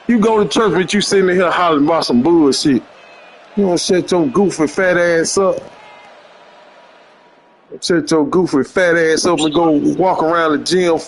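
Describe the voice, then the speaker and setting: A high-voiced man talks trash at his opponent during a game. He is brash and mocking, repeating his taunts over and over, with a faint hiss of noise behind him. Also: moderate pace, poor audio. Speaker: gamer trash-talking an online opponent. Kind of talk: casual trash talk while gaming.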